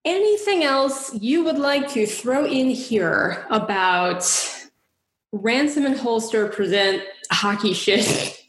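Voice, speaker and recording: A woman's voice: on the high side, lively intonation, slow pace, roomy sound, low-quality recording. A woman co-hosting a podcast in casual chat, rambling and giggly, swearing freely. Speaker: podcast co-host.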